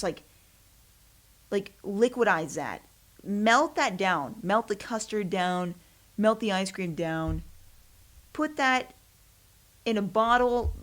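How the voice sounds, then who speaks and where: A young woman hosting her own podcast, chatting casually in a rambling, self-deprecating way with frequent laughs. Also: mid-range voice. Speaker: podcast host. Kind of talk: casual solo chat.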